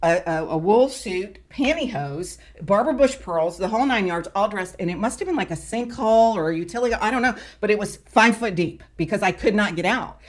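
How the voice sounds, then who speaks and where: A middle-aged woman on a political round table, telling a story in a casual, animated way and acting out what people said. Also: mid-range voice. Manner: animated storyteller who acts out quotes.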